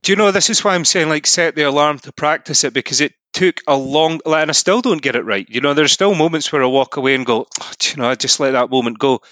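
A man's voice: fairly high pitch, expressive, fast talker, few pauses, pushed and bright, no echo. A Scottish man talking as a podcast guest, explaining ideas in an earnest way, often saying "you know". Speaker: podcast guest, mindset coach. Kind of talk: casual podcast conversation.

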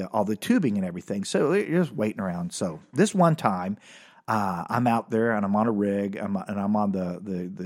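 A man's voice: medium pitch, a little mellow. A man casually telling a personal story, rambling and correcting himself with a wry, dry humor.

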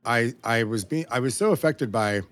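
A man in his thirties co-hosting a podcast in casual chat, swearing often and rambling with animated energy. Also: medium pitch, normal speed. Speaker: podcast co-host.

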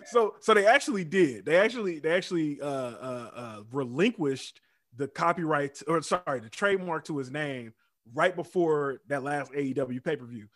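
Lively, laid-back male podcast co-host. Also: fairly high pitch, moderate pace. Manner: laid-back, lively, laughs along, gives shout-outs. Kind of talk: casual wrestling podcast chat.

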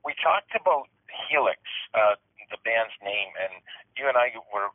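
A man's voice: medium pitch, lively intonation, moderate pace, no room sound. A man hosting a podcast, interviewing a guest with casual, loosely worded questions. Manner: casual, asks long loose questions with short backchannels. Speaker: podcast host. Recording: tinny phone line, dry.

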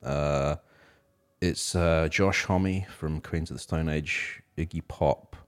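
A man's voice: a bass voice, steady tone, slow pace, smooth. A man co-hosting a music podcast, talking casually and rambling with lots of fillers and restarts. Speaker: podcast co-host.

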